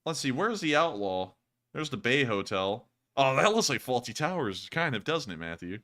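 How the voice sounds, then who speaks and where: Bright-voiced joking male stream host. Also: mid-range voice, sing-song, moderate pace. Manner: jokey, loose and chatty. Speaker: host of a live war-news stream. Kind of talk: casual live-stream commentary.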